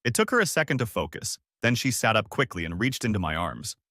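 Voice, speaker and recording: A man reads a first-person story aloud at a steady, measured pace. His voice sits low. The recording is dry, with no room sound. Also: no echo. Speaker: audiobook narrator.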